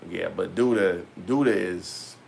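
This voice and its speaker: A man talking casually to his viewers as a vlogger, loose and rambling with slang and frequent pauses. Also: deep voice, vocal fry, a little mellow, slight background noise. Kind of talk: casual talk to camera.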